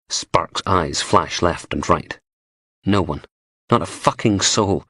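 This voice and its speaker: A man's voice: deep voice, a little slow, fairly bright tone, husky, dry recording, studio quality. A man narrating a crime audiobook in a gritty, profane, darkly comic manner.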